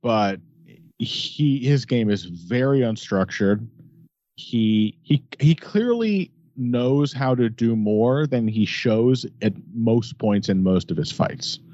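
A man's voice: medium pitch, animated, takes it slowly, mellow, no room sound. A man co-hosting a podcast, giving laid-back fight analysis with jokey asides. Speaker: podcast co-host. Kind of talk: casual sports chat. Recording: dry, slightly dull lo-fi audio.

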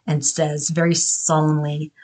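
A woman hosting a podcast, explaining thoughtfully and haltingly, with many fillers. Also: low voice, monotone, darkish tone. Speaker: podcast host.

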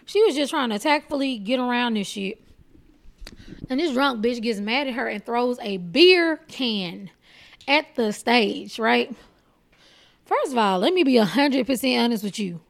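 A woman stand-up comedian from Texas, hosting her own podcast with a blunt, profane, animated comic rant. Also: on the high side, measured pace, creaky.

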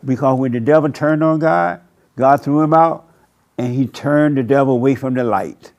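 A man pastor preaching a sermon at a church service, with slow, emphatic, drawn-out phrasing. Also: medium pitch, darkish tone.

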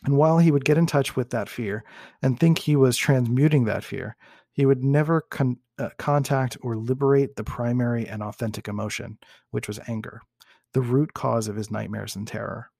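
A man hosting a teaching talk, reading a case study aloud in a measured, explanatory way and sometimes correcting himself. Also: mid-range voice, steady tone, gravelly, warm tone, dry recording, clean studio sound. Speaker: host and teacher.

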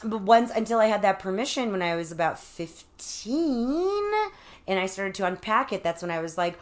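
A woman's voice: medium pitch, very animated, normal speed. A woman guest in a candid interview, speaking frankly and filling her talk with "like". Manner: frank, heavy use of "like", acts out quoted voices. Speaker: podcast guest, author.

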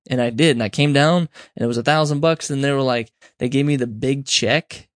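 A man's voice: medium pitch, quick pace, no room sound, clean studio sound. A young man hosting a podcast, giving casual advice in a rambling, self-correcting way and acting out little quoted exchanges. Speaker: podcast host. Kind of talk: casual solo advice talk.

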